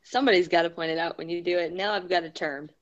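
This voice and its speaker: A woman's voice: fairly low pitch, steady tone, fast talker, lo-fi sound. A young woman speaking as a guest in a casual panel chat, blunt and joking. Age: young adult.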